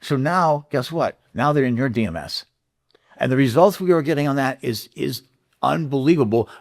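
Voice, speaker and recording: A man's voice: mid-range voice, lively intonation, normal speed, a little mellow. A man, a guest in a business interview, explaining his sales method earnestly, with frequent restarts. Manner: earnest, repeats himself, acts out sales letters. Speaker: guest, dealership marketing consultant. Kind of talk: casual interview talk.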